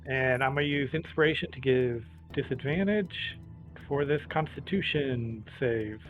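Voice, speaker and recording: Slow-spoken man on a dull mic. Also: mid-range voice. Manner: deliberate, describes actions step by step. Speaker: tabletop game player. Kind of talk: casual tabletop game play. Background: faint fantasy background music.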